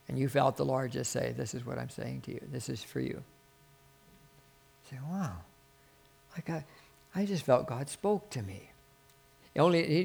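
Pastor, male, mid-pitched, earnest and rambling small-group preaching, hushes for quoted prayers. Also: vocal fry. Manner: rambling and earnest, with many restarts, dropping to a soft voice for quoted prayers. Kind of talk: informal sermon to a small group.

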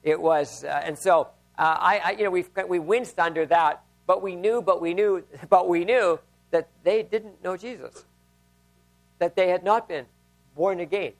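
Male pastor with a high-pitched voice, conversational sermon with anecdotes and frequent restarts. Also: measured pace, creaky.

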